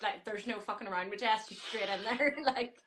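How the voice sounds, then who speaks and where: A woman with an Irish accent, a performer chatting quickly with many fillers as a podcast guest. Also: mid-range voice, fairly bright tone. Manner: fast, breathless storytelling with many fillers. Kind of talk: casual chat.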